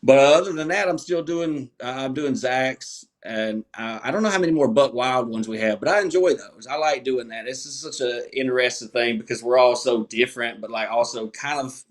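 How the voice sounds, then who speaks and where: A stand-up comedian man chats as a guest, spinning loose, self-mocking stories full of swearing. His voice sits at an ordinary middle pitch. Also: brisk, few pauses. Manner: profane, rambling, self-mocking. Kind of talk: casual storytelling chat.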